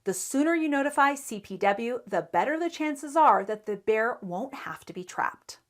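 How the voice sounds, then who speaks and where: A woman reporter reading a local news story in a measured, even newsreader delivery. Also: fairly high pitch. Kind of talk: scripted news narration.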